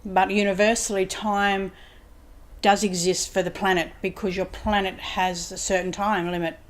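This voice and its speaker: A woman's voice: mid-range voice, flat delivery, moderate pace. A woman, a psychic medium guest in a casual home interview, who rambles and keeps retelling conversations with "he said". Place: home lounge room.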